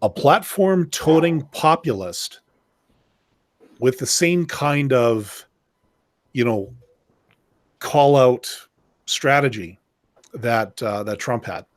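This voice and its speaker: A man's voice: medium pitch, animated, takes it slowly, long pauses. A man co-hosting a podcast in casual political chat, rambling and searching for his words. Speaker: podcast co-host.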